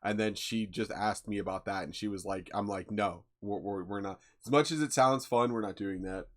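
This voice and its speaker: A man's voice: lowish voice, a little fast. A young man hosting a livestream, chatting casually in a rambling, laid-back way with lots of fillers and swearing. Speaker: livestream host.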